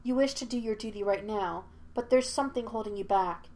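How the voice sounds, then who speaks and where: A cool, measured old male spirit, as a woman reader puts him on, lecturing his young successor with stern disapproval. He speaks in a level voice at a middle pitch, never raising it. Storybook narration style. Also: a little mellow, natural voice.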